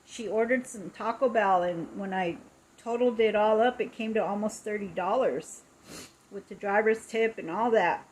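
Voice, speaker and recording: A woman's voice: mid-range voice, normal speed, darkish tone, slightly rough, low-quality recording. A middle-aged woman on a casual live stream, retelling an upsetting story in an indignant, emphatic way, with lots of repetition.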